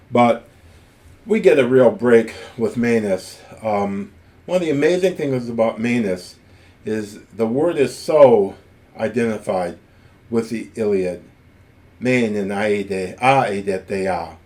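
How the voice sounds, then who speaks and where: A man giving a recorded ancient Greek grammar lecture, reciting word forms slowly and deliberately, with enthusiastic asides. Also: on the low side, dark tone. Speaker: Greek teacher.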